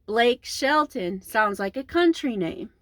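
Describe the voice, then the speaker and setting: Slow, rambling Midwestern woman. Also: fairly high pitch, expressive, a bit bright, slight background noise. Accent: Midwestern American. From American Midwest. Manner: rambling, meandering, many ums and trailing pauses. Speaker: vlogger. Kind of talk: casual rambling vlog.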